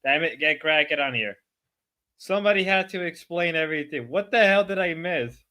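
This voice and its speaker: Sick male streamer, bright tense voice, rambling casual chat with loud outbursts. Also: on the high side, expressive, moderate pace.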